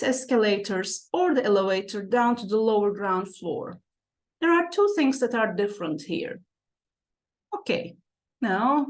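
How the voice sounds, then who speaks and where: A native Turkish woman explains English vocabulary slowly and patiently, her fairly high voice rising and falling a lot. She often repeats words and checks back with the listener, like a teacher at the board. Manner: patient, repeats key words, asks "okay?" and "right?" often. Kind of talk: classroom-style explanation.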